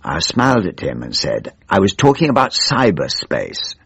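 An older man with a husky drawl, playing a weary, pompous member of parliament in a radio comedy monologue. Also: lowish voice, big pitch swings, takes it slowly, no room sound, full character voice. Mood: gloomy. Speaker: weary elderly backbench politician narrating his woes. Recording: muffled dry radio recording.

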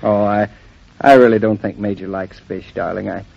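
A man's voice: lowish voice, normal speed, creaky. An actor playing a cheerful, teasing young husband who dotes on his dog, in 1940s radio acting on a dull old radio recording. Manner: jovial, teasing, animated.

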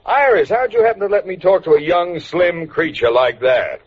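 A sarcastic portly radio-comedy husband. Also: male voice, high-pitched, animated, moderate pace, breathy edge. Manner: dry, sarcastic jokes. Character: portly, sarcastic middle-aged husband friend. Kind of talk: 1940s radio comedy acting. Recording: dull, hissy old radio broadcast.

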